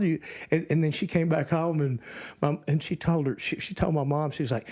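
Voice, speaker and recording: Older Texan man spinning animated stories. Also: fairly quick. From Texas, USA. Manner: animated, drawling storyteller who jumps into high voices for quoted people. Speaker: guest actor. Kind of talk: casual storytelling chat.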